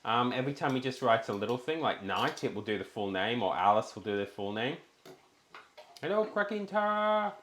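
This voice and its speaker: A man's voice: medium pitch, big pitch swings, fairly quick, fairly bright tone, a little hiss or hum. Chatty man in an echoey kitchen. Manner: chatty, reads out messages with lots of ums. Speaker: co-host of a cooking stream. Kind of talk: casual chat, reading viewer chat aloud. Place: small home kitchen.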